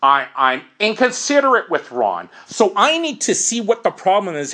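A woman's voice: medium pitch, a bit bright. A woman giving an informal talk on recovery steps, explaining each one conversationally through first-person examples. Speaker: recovery program speaker.

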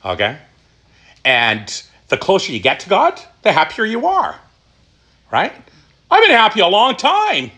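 A middle-aged man telling his recovery story, emphatic and animated, asking questions and answering them himself. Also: high-pitched, measured pace, long pauses. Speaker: recovery speaker. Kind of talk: personal testimony talk.

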